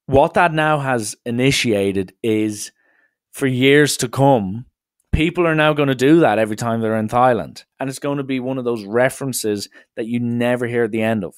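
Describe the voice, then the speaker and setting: A man's voice: mid-range voice, measured pace, clear, resonant tone, dry recording, studio quality. Sardonic Irish man ranting on a podcast. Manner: exasperated, sardonic. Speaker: podcast host. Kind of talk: solo podcast rant.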